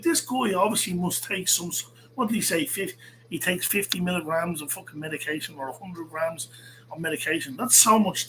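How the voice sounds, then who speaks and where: A man hosts a podcast in an angry, swearing rant, circling back to the same points again and again. His voice sits slightly higher than most men's. Faint noise runs underneath. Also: fairly bright tone, rough recording. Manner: heated, profane, repeats himself. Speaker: podcast host. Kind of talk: angry ranting monologue.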